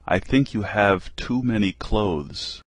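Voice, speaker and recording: Low-voiced man reading practice phrases. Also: expressive, breathy edge, no echo. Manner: slow, carefully enunciated. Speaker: English phrase reader.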